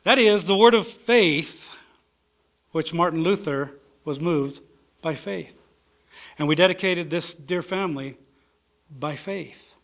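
A man's voice: on the high side, slow pace, long pauses, a bit bright. A man as pastor preaching a sermon in a church, reading scripture and repeating key phrases for emphasis. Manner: reads scripture aloud with fillers between.

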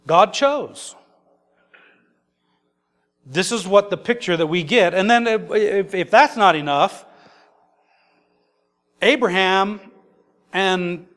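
A man's voice: a little high, fairly bright tone. A man preaching a sermon in an emphatic, conversational way. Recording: long echoey hall reverb.

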